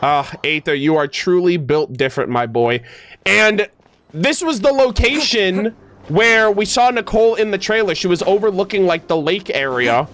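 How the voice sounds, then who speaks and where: A man's voice: high-pitched, animated, moderate pace. Emotional young man reacting to a game. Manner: emotional, loud exclamations and swearing. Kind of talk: excited gameplay reaction.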